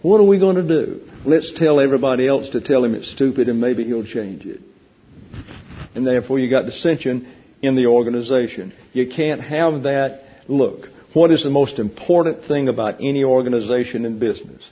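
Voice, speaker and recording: A man leading a Bible class, teaching in a teasing, conversational way and explaining points slowly to a room of listeners. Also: medium pitch, slightly rough. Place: church classroom with an audience. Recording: dull lo-fi recording.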